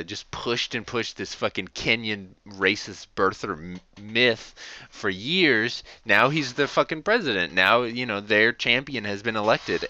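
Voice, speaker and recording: A man's voice: on the low side, bright, forceful tone, slight background noise. A man hosting a podcast, venting in a rambling, profane, casual monologue full of fillers and short laughs. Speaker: podcast host. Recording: dull lo-fi recording.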